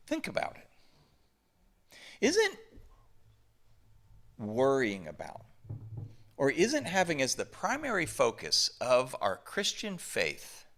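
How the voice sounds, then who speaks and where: A man's voice: mid-range voice, pushed and bright. A man from the southern United States preaching a conversational sermon to his church, full of emphatic rhetorical questions. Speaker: pastor. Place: church sanctuary.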